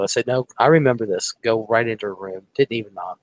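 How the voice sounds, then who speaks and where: There's no room sound as this Ohio man, mid-range voice and quick pace, tells a meandering personal anecdote in casual conversation. He curses freely and brings the story to life by voicing the other characters.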